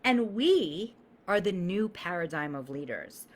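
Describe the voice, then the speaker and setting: A woman in her thirties coaches her audience on a live stream with a lot of emphasis. Her pitch rises and falls over a wide range, and she swears casually as she acts out the people she is quoting. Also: sing-song, measured pace. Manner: emphatic, swears freely, acts out quoted voices.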